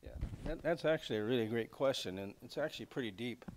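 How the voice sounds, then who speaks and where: A man's voice: medium pitch, animated, fast, heavy background noise. A man leading a casual church Bible class in a folksy, rambling way, with many fillers and asides. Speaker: Bible study teacher.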